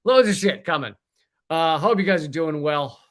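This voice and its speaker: A man's voice: on the high side, lively intonation, moderate pace. A man hosting a livestream, ranting in a casual, profane, rambling way with many restarts. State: sweating from heat. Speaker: comedian livestream host.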